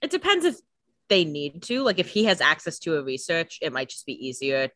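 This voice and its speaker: A woman's voice: low voice, very animated, brisk, a bit bright, dry recording. A woman co-hosting a podcast, recapping a TV episode in casual, chatty talk full of "like" and the odd swear. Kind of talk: casual chat.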